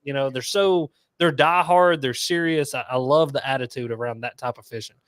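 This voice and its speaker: A man on a podcast as a guest angler, chatting casually and excitedly, full of "like" fillers. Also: mid-range voice, moderate pace, no room sound, clean studio sound.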